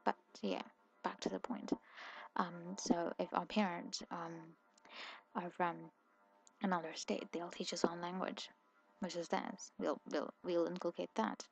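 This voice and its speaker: Woman from India, mixed Indian-British-American accent, sleepy soft-spoken ASMR talker, rambling and quick, lowish voice with plenty of fry. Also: level tone. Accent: mixed Indian, British and American English. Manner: rambling, quick and self-correcting. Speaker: ASMR creator.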